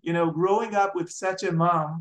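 A memoir author from Israel tells family stories in an interview, speaking fast at a medium pitch in an echoey room. The speaker is an animated storyteller who acts out the quoted family members.

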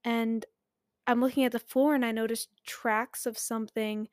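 A woman in her twenties hosts a casual solo podcast. She is candid and pokes fun at herself, laughing often. Her voice sits fairly high and sounds dry and close. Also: flat delivery, moderate pace, no room sound. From Philadelphia. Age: 20s. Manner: chatty, candid and self-mocking, laughs often. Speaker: podcast host.

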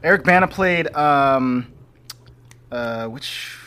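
A man's voice: medium pitch, expressive, slow pace, sharp tone, clear, resonant tone. A man hosting a casual podcast chat, rambling along with plenty of ums and restarts. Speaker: podcast host.

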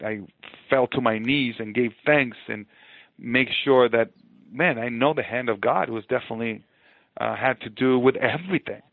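A man in his forties, a former ballplayer, telling his story in an interview with earnest, animated energy and frequent repeated phrases. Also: mid-range voice, normal speed, gravelly, dry recording. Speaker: podcast guest, former baseball player. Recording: dry, narrow phone-like sound.

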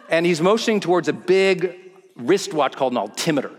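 A man delivers a storytelling keynote as a motivational speaker, bringing his personal story to life by performing its scenes and voices with energy. He speaks fairly high and fairly quickly, with a big-room sound.

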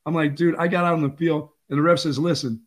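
An older man co-hosting a sports talk show, telling lively stories and acting out quotes. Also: on the high side, fast talker. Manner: animated storyteller, acts out quotes. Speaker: sports radio co-host.

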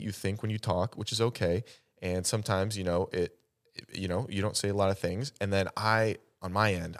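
A man's voice: low voice, creaky. A man co-hosting a podcast in casual chat, teasing the others, talking a lot and laughing often. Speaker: podcast co-host.

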